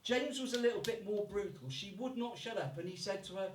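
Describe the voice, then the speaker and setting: Brummie stand-up comic in an echoey club. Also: male voice, high voice, expressive, a little fast, a little hiss or hum. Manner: swears freely, puts on voices for accents. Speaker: stand-up comedian. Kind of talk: stand-up comedy set. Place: live comedy club. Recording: echoey room from far off.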